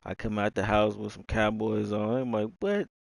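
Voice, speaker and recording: A man's voice: on the low side, monotone, moderate pace, creaky, dry recording, low-quality recording. A young man from Texas with a Southern drawl, rambling casually in a slangy, wandering monologue. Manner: slangy, drawling, jumps between topics.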